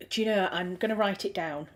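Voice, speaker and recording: A woman with a Yorkshire accent hosts a relaxed livestream, chatting to viewers in an easy, friendly way. She thinks aloud, restarting sentences and filling gaps with ums. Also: mid-range voice, normal speed. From Yorkshire, England. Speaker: livestream host. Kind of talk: casual chat reading viewer comments.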